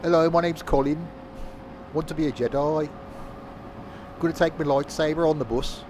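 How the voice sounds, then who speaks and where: A man's voice: fairly high pitch, steady tone, moderate pace, noisy background, lightly acted. A man voicing a hapless grown man who earnestly wants to be a Jedi.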